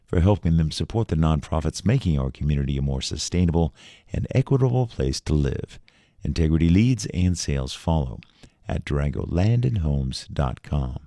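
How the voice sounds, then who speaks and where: Very deep gravelly male radio announcer. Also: dry recording, clean studio sound. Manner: steady, measured reading. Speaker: local public radio announcer. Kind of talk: read river report and sponsor credits.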